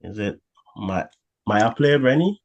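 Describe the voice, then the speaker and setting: Woman with a really deep voice, unsure and sorry-sounding, on a video call. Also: animated, normal speed, darkish tone. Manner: hesitant, apologetic. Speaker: student. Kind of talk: casual class talk.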